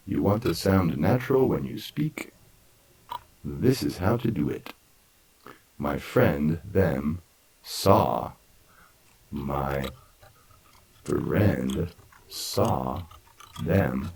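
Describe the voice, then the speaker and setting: Very deep, slow, gravelly male teacher. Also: a little mellow, low-quality recording. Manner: repeats words slowly, breaks sentences into parts. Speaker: English teacher. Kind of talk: slow, deliberate grammar lesson.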